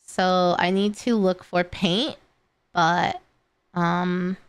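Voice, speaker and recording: A woman's voice: on the low side, fairly even intonation, drawn-out words, clean tone, dry recording. A young woman chatting casually on a live stream, tired and rambling, with many fillers and restarts. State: tired and yawning. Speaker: streamer reacting to videos and chat.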